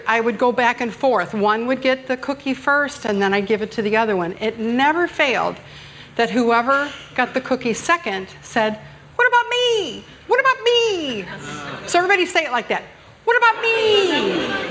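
A woman's voice: fairly high pitch, background noise. A middle-aged woman preaching a conversational sermon at church, joking and self-deprecating with the congregation. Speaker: guest speaker preaching at church. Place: church sanctuary.

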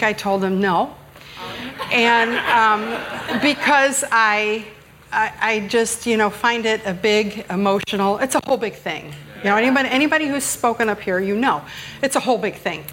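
A middle-aged woman gives a church sermon in a chatty, joking way. Her voice sits a little high, and she pokes fun at herself as she talks to the congregation from the sanctuary. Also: fairly bright tone, slight background noise. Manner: humorous, self-deprecating, chatty with the congregation. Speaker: guest speaker preaching at church. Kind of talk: conversational sermon.

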